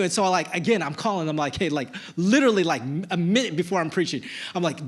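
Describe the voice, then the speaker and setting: A male pastor preaching a sermon, telling a personal story in a casual, animated way with plenty of filler words. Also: high voice, fairly quick. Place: church service.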